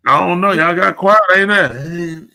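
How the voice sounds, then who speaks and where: A man's voice: sits high, normal speed, creaky, sharp tone. A man hosting a live podcast show, ranting bluntly and opinionatedly in casual chat and addressing the people around him. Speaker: podcast host.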